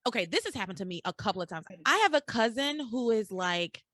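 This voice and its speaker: A woman's voice: a little high, lively intonation, quick pace, a bit bright, dry recording. A woman hosting a podcast, recapping episodes in casual chat, acting out characters' lines and swearing freely. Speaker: podcast host.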